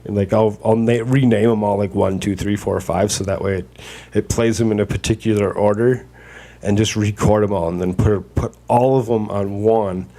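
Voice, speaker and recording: A man's voice: lowish voice, fairly even intonation, normal speed, warm tone. A man hosting a casual podcast chat, rambling along with lots of fillers and restarts. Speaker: podcast host.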